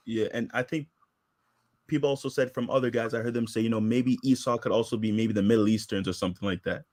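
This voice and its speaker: A man's voice: fairly low pitch, fairly even intonation, fast, a little mellow. A man co-hosting a casual commentary chat, rambling and laughing as he talks.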